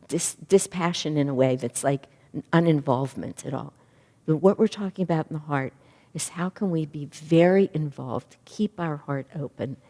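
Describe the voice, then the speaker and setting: A middle-aged woman giving a spiritual class talk as a minister and teacher. She speaks in an earnest, reflective way and grows lively when she retells stories. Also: sits low. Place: class room or hall. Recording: long reverb of a hall.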